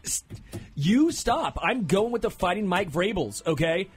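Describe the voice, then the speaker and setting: A man hosting a sports talk show, making picks and teasing his co-hosts with animated, excitable banter. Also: high-pitched, unhurried, breathy edge, faint music behind.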